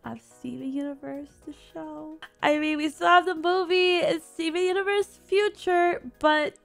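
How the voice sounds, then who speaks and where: Woman, cartoon reaction host, high voice, unhurried, exclaims and laughs at the screen. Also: gravelly, faint music behind. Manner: animated, exclaiming, laughing, talks back to the screen. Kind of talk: casual reaction commentary. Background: faint cartoon audio underneath.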